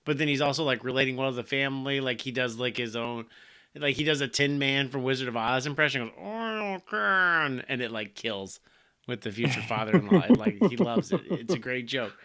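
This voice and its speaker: Male co-host, bright tone, chatty and enthusiastic. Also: mid-range voice, a little fast. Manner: jokey, enthusiastic, many "like"s. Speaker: podcast co-host. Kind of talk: casual comics discussion.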